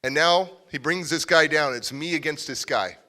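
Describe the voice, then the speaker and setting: Bright-voiced man telling stories on stage. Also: fairly high pitch, normal speed. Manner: animated, acts out quoted voices. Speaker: motivational speaker. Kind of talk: live storytelling speech. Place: civic center stage.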